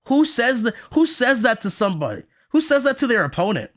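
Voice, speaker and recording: A man's voice: very high-pitched, brisk. A man hosting a podcast, ranting heatedly and profanely, repeating himself and mimicking other people's arguments. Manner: profane, animated, repeats himself, mocks others in quoted voices. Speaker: podcast host. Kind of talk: heated casual rant.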